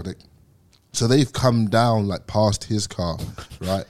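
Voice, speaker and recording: A man's voice: fairly low pitch, measured pace, darkish tone. A young man from England, a podcast guest, telling a story in casual chat, swearing a lot and acting out quotes.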